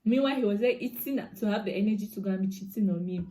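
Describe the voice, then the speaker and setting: A young Cameroonian woman with a Cameroonian accent, casually telling a personal story to her viewers in an expressive, chatty way with touches of pidgin. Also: mid-range voice, very fast. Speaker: vlogger.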